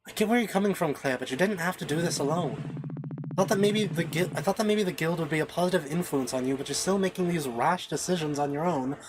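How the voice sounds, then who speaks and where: A woman voicing a concerned woman mentor who speaks calmly. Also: low-pitched, quick pace, background noise, pitched below the performer's own voice, natural voice.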